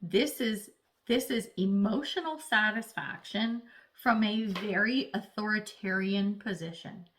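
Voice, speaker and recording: A woman's voice: medium pitch, a little slow, a bit bright, a little hiss or hum. A woman giving a casual, chatty tarot reading, playfully acting out little voices as she talks. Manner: speaks of herself as an earth sign. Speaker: tarot reader.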